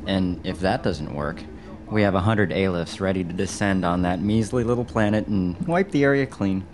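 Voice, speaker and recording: An actor playing a scheming, ruthless commander who gloats calmly over his plans. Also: sits low, normal speed, a little hiss or hum. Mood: smug. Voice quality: smug, gloating.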